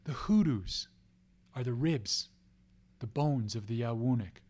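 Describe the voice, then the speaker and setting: A man's voice: mid-range voice, lively intonation, a little slow, darkish tone. A man telling a legend aloud in a rhythmic way, repeating phrases and place names. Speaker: storyteller. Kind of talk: oral storytelling of a legend.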